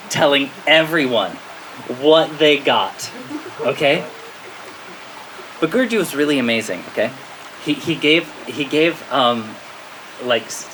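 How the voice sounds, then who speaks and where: An American man, a spiritual teacher, telling a story to his listeners in a lively way, often checking in with "okay?" and laughing at himself. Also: mid-range voice, low-quality recording. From United States. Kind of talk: storytelling talk to a spiritual audience. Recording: steady rain-like background noise.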